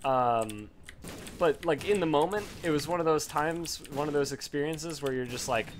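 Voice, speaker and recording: A man's voice: normal speed, a little hiss or hum. Rambling, foul-mouthed male game commentator. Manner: rambling, profane storytelling; excitable jumps in pitch. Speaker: gameplay commentator. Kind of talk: casual gameplay commentary.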